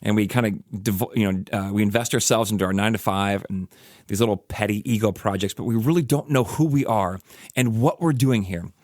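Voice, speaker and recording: A man's voice: fairly low pitch, fairly quick, darkish tone, no echo, studio quality. A man hosting a reflective podcast, telling a story casually with lots of "like" and "you know". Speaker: podcast host.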